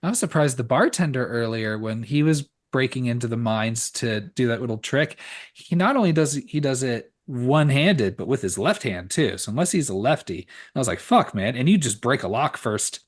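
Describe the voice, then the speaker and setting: A man's voice: medium pitch, lively intonation, normal speed. A man co-hosting a podcast, chatting casually about a horror movie in a rambling, profane way full of "like" and restarts. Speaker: podcast co-host. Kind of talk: casual movie commentary chat.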